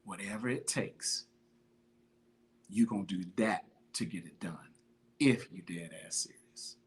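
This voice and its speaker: A man with a lowish voice speaks a little slowly in his motivational podcast talk. This fitness-focused host hammers on consistency in a repetitive, slangy, preachy style and greets viewers by name along the way.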